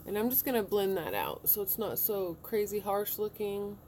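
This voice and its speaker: A woman's voice: medium pitch, expressive, normal speed, darkish tone, a little hiss or hum. A woman in her thirties, chatting casually as she talks through each step of a makeup look in a room at home. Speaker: beauty vlogger. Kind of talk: casual makeup tutorial talk.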